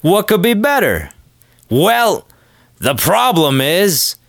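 A man hosting a podcast, delivering a crude, joking solo monologue with sudden loud exclamations. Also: a little high, big pitch swings, slow pace, dry recording, studio quality. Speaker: podcast host. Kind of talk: casual comedic monologue.

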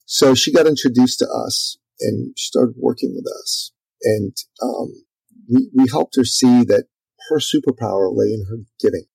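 A man guest on an interview, a business coach telling a story in an energetic, conversational way. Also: medium pitch, moderate pace, gravelly, husky, dry recording, rough recording. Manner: energetic, lively storyteller, acts out quotes.

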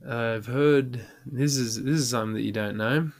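A man's voice: medium pitch, moderate pace. An Australian man hosting a podcast, telling a rowdy pub story casually, swearing and laughing as he acts out the people in it. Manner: swearing, laughing yarn-teller with quoted voices. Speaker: podcast host.

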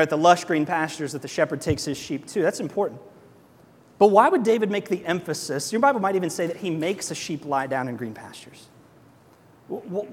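A young man in the pulpit with a notably high, bright-edged voice. He preaches with lively, conversational energy, tossing out rhetorical questions. The sound carries a long reverb from a church hall. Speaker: pastor. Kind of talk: sermon.

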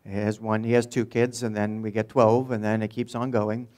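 A man's voice: on the low side, level tone, normal speed, a little mellow. A middle-aged male pastor preaching a sermon, telling the story casually with asides and jokes.

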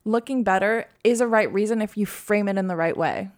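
A woman's voice: medium pitch, fairly quick, a little mellow. A young woman co-hosting a casual podcast, chatty and upbeat, with lots of filler words. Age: young adult. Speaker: podcast co-host. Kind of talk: casual chat.

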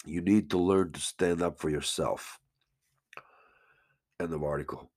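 A man's voice: extremely low pitch, a little slow, darkish tone, no echo, studio quality. A man hosting a solo podcast, talking casually and earnestly, sometimes choked up and swearing freely. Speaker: podcast host. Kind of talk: emotional casual monologue.

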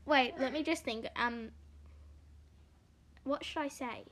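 A woman's voice: high-pitched, takes it slowly, long pauses, fairly bright tone, a little hiss or hum. A young Australian woman chatting casually on a video call, rambling with lots of fillers and giggles. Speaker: podcast co-host. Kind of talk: casual chat.

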